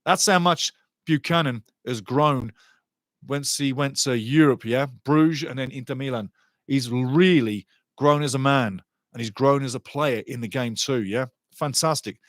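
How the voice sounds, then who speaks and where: A man commentating live on a soccer match for a watchalong stream, excitable and sarcastic, often repeating his phrases. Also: mid-range voice, measured pace, no room sound, clean studio sound.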